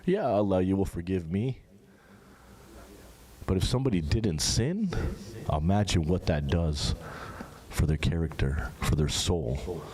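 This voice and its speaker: A man's voice: measured pace, long pauses. A young man giving an informal sermon to a large gathering, talking to the audience in a conversational way and asking them questions. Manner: conversational, asks the audience questions, animated rises in pitch. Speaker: speaker at a Muharram gathering. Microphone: handheld microphone. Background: crowd of listeners.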